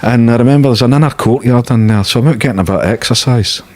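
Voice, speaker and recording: A man's voice: mid-range voice, fast, darkish tone. A Scottish man, a guest in an interview, telling stories in a blunt, casual way with plenty of swearing. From Scotland. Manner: blunt, swearing freely, laughing at his own stories.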